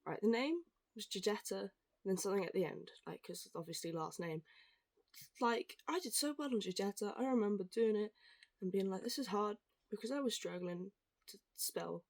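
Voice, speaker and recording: A young woman telling stories in a casual, animated rant, swearing and acting out what others said. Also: medium pitch, no echo. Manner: animated, swearing, quick asides, acts out quoted voices. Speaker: vlogger.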